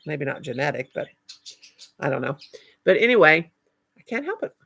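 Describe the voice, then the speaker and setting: Older woman with a gravelly voice. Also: low-pitched, sing-song, moderate pace, fairly bright tone, slight background noise. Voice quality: cackling laugh. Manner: chatty, affectionate, rambling. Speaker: live stream host. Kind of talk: casual live chat with viewers.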